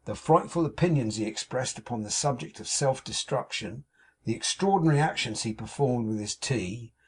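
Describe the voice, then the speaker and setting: A man's voice: medium pitch, a little mellow, breathy edge. A man voicing a fussy, effusive middle-aged landlady who confides everything melodramatically, in a storybook reading.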